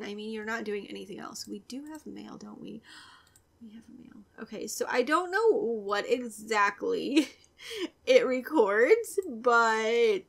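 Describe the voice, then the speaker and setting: A chatty young woman talks through her game in a casual, giggly way, her voice sitting a little high. She often sinks into a soft, breathy near-whisper. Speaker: gaming video creator. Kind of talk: casual let's-play commentary.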